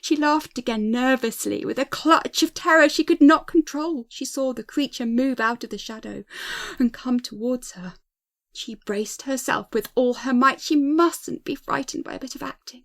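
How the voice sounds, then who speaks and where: A woman narrating a ghost story, reading in a dramatic, tense way that drops to a hush at times. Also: high-pitched, normal speed.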